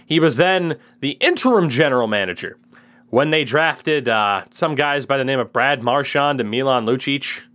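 A man's voice: medium pitch, animated, normal speed, a bit bright. A man in his twenties, co-hosting a casual sports chat and giving opinionated takes. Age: 20s. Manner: opinionated, ranting, swearing. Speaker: podcast co-host.

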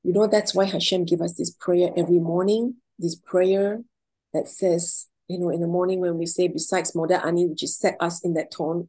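A woman's voice: lowish voice, moderate pace, poor audio. A woman speaking as a guest, giving inspirational advice and telling stories with acted-out dialogue. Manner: animated, acts out dialogue in a story. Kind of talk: inspirational talk with storytelling.

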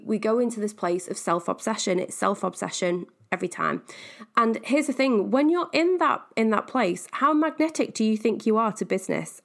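A woman business coach hosting her own podcast, talking casually and animatedly, laughing often and wandering off on tangents. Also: medium pitch. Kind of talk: casual solo podcast talk.

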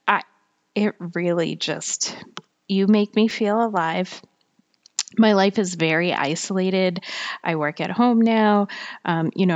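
A woman writer talking alone on her podcast in a rambling, chatty way, with a slightly whiny voice, many fillers and frequent laughter. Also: lowish voice. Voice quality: self-described whiny voice. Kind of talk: casual solo monologue.

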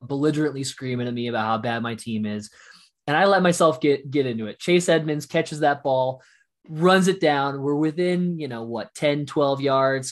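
A man co-hosting a casual sports talk show, telling an emotional fan story with animated bursts, his voice still recovering from shouting. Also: mid-range voice. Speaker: podcast co-host.

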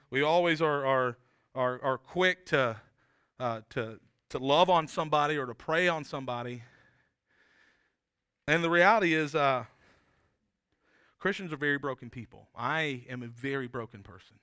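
Bright, earnest male pastor preaching. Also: mid-range voice, moderate pace, long pauses, clean tone, dry recording, clean studio sound. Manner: conversational, earnest, with frequent restarts and tag questions. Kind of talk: sermon.

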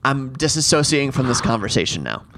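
Man, 20s, podcast co-host, casual storytelling, animated, swears a lot, acts out quotes. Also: medium pitch, fast, noisy background.

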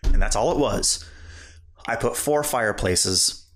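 Animated man telling a story, lively pitch. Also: measured pace. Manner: animated, laughs through his own story. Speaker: podcast co-host. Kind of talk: casual storytelling chat.

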